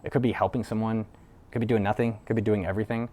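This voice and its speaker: A man's voice: fairly low pitch, flat delivery, quick pace, mellow. Man telling a candid personal story. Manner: loose and conversational, with frequent "like" fillers and casual swearing. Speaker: entrepreneur video host.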